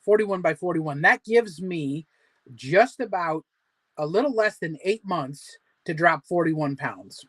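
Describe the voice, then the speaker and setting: A man's voice: fairly high pitch, lively intonation, measured pace, fairly bright tone, no room sound. Rambling, upbeat man in his forties. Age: 40s. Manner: rambling, filler-heavy, motivational. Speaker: host of a weight-loss support group. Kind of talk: casual livestream chat.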